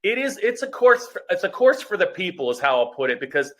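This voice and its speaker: A middle-aged man co-hosts a relaxed podcast chat with a bright, fairly high voice. He agrees easily and chimes in with short replies before he wraps things up. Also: fast. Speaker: podcast co-host. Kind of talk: casual chat.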